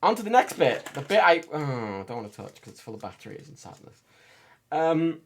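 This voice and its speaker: A man's voice: fairly high pitch, very animated, brisk. A man chatting casually on a livestream while repairing a controller, joking, swearing and laughing often. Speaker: streamer.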